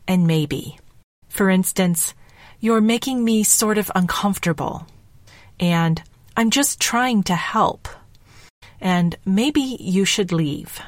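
Measured woman podcast host, dry close mic. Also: lowish voice, dry recording. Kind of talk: scripted solo podcast talk.

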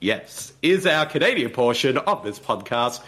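A man's voice: mid-range voice, moderate pace, husky. Aussie guy hosting a podcast, bouncy sing-song voice, chatty and easygoing. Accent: Australian. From Australia. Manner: chatty, lively, self-correcting with laughs. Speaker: podcast host. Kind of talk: casual podcast chat.

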